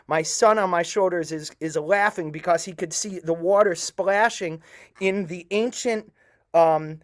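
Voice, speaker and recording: A middle-aged man telling a personal story to a live audience, earnest and halting with many pauses. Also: high voice. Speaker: storyteller at a community event.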